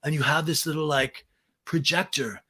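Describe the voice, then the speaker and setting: A man putting on a relaxed, slow-talking young man who speaks smoothly. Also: fairly high pitch. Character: laid-back mellow young man, smooth talker.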